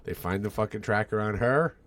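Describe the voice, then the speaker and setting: A man's voice: fairly low pitch, brisk, a bit bright. A middle-aged man co-hosting a podcast, chatting casually and swearing freely as he rambles through a movie review. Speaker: podcast co-host. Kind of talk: casual chat.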